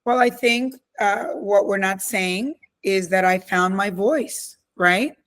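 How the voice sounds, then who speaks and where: A middle-aged woman in an interview, telling stories about her life with emphatic, forceful delivery. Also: mid-range voice, takes it slowly. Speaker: guest speaker. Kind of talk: candid interview answers.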